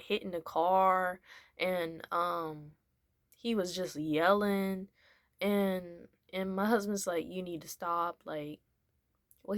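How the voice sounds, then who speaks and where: A woman's voice: medium pitch, dry recording, clean studio sound. A young woman telling a casual story, rambling with many fillers and acting out what people said. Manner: animated, acts out what people said. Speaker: vlogger.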